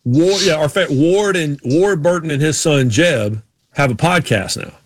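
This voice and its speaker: A man's voice: on the high side, unhurried, no room sound. A middle-aged man, co-hosting a casual sports talk show and telling rambling stories. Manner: rambling storytelling with folksy Southern drawl impressions. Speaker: co-host.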